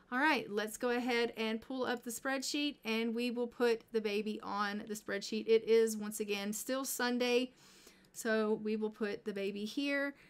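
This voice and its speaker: Woman streamer, unhurried gameplay chatter, slightly high voice. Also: fairly bright tone, smooth. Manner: chatty, talks to her game characters. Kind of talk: casual gameplay commentary.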